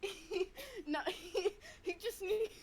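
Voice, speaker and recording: A woman's voice: very high-pitched, lively intonation, slow, slight background noise. A woman chatting on a live art stream, playful and jokey, swearing and trying silly accents.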